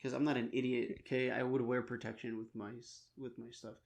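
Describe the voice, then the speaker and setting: A man's voice: medium pitch, little pitch movement, a little fast, gravelly. A man in his twenties co-hosting a podcast, laid-back and swearing freely. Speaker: podcast co-host. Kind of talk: casual chat.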